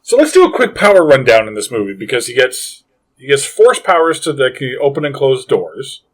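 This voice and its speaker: A man recapping a movie on a podcast in an easygoing voice. His pitch sits in the middle range. He chuckles as he goes. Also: big pitch swings, a little fast. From Canada. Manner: laid-back recapping, chuckling often. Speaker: podcast co-host. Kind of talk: casual movie podcast chat.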